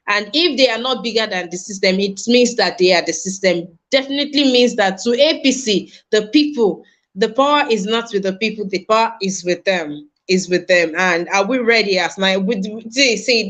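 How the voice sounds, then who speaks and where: A woman's voice: mid-range voice, fairly bright tone. A woman hosting a newspaper review panel, thinking aloud with many fillers and restarts. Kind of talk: casual panel discussion.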